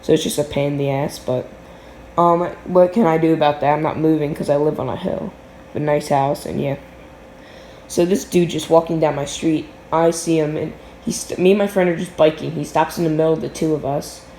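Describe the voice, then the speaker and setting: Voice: mid-range voice, steady tone, fairly quick, darkish tone, roomy sound, a little hiss or hum, rough recording. A teenager telling a casual storytime vlog from a home basement, rambling with lots of fillers and restarts.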